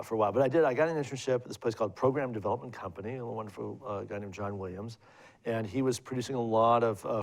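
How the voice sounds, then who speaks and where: A middle-aged man telling digressive career stories as a guest at a live student event, with many fillers and restarts. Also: on the low side. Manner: rambling, digressive anecdotal storytelling with many restarts. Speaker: guest filmmaker. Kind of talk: on-stage career conversation.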